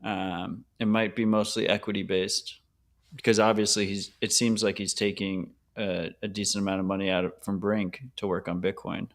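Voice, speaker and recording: A man's voice: deep voice, flat delivery. A man co-hosting a podcast who answers in blunt, short remarks and then talks the point through. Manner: blunt, quick short replies. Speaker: podcast co-host. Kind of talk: casual news chat.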